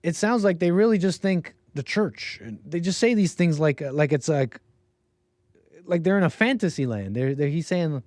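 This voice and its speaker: A man's voice: a little high, no room sound. Male streamer, casual reaction commentary, dry close-mic sound. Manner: chatty, animated, pauses to react to clips. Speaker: livestream host reacting to a debate.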